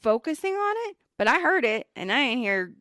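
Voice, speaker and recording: A woman with a somewhat high voice that swoops up and down as she spins a blunt, foul-mouthed story from work. She talks in a loose, chatty way. The sound is close and dry, with no room echo. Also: a little fast. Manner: animated, blunt and profane. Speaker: podcast co-host. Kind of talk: casual storytelling chat.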